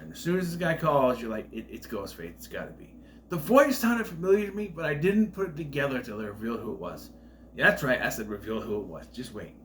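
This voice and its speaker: A man talks through a film in a loose, unscripted review, retelling scenes with blunt, profane asides. His pitch swings widely around a mid-range center. A faint hum sits behind him. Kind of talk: casual spoiler review.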